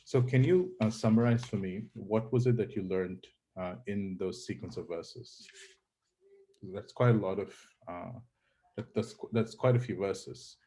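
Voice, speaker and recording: Low, mellow man leading a scripture class. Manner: measured, probing, many fillers. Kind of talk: online scripture class, questioning students.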